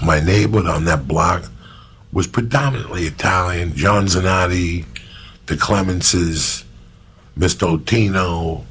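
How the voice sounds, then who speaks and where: A man in his fifties, born in Cuba, hosting a casual podcast and telling profane stories in an animated way, imitating the people in them. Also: low voice, a little hiss or hum. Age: 50s. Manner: profane, animated storyteller who mimics people. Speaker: podcast host. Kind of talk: casual storytelling chat.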